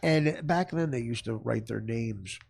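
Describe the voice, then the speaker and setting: Gravelly man telling stories. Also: mid-range voice, measured pace, darkish tone. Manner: storytelling, laughs through punchlines. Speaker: guest comedian. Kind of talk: casual podcast chat.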